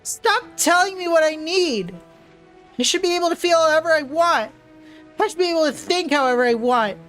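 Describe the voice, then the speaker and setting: A woman's voice: sits high, measured pace, a bit bright, soft background music, pitched above the performer's own voice. A woman reading aloud, voicing a despairing, exhausted teenage girl who breaks into anger. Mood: furious. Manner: raw, pleading, breaking into anger.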